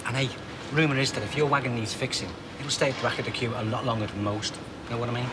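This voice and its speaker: An actor playing a blunt, nagging lorry driver and former shop steward. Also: male voice, medium pitch, fairly even intonation, quick pace, lightly acted. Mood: grumbling. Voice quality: blunt, needling. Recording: TV drama with clear background noise.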